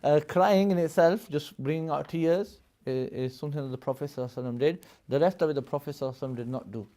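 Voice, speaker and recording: Rapid-fire delivery and a dark tone mark this man's higher-pitched voice. Teaching religious studies in a live classroom, he gives lengthy explanations, laughs often, and checks in with students via "Yes?" and "Yeah?"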